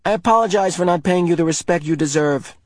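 A man voicing an irritable, bossy preteen boy in a storybook reading, loud and shrill. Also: quick pace, dry recording, clean studio sound, lightly acted. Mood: grudging.

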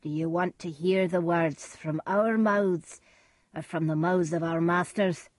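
A woman's voice: lowish voice, steady tone, measured pace, darkish tone, no room sound. A woman voicing an ominous witch in a storybook reading.

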